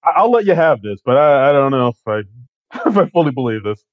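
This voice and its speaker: A man's voice: medium pitch, very animated, fast talker, no room sound. Laid-back man on a dull, dry line. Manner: laid-back, laughs often, wry. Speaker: podcast co-host. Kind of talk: casual movie recap chat.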